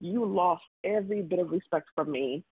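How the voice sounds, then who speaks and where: Brief: female phone caller, animated, husky, dry tinny line. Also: fairly low pitch, moderate pace, no echo. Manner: animated, acts out quotes. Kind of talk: casual chat.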